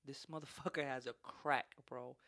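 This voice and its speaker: A podcast host tells a long story in casual, profane chat, animated and laughing as he goes. His voice is medium-pitched and creaky at a normal speed, with no echo.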